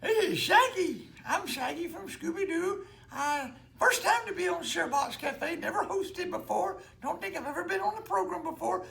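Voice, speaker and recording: Shaggy-style goofy host done by a puppeteer, very high and bright, rambling and flustered. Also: animated, normal speed, gravelly, full character voice. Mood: friendly. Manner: rambling, drawling, easily flustered. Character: goofy laid-back young man cartoon character, Shaggy. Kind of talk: children's church puppet show.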